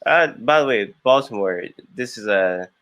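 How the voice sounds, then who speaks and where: A young man from Florida hosting a podcast interview, chatty and slangy, with quick bursts and lots of filler. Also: lowish voice, animated, fairly bright tone. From Jacksonville, Florida. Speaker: podcast host. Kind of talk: casual interview chat.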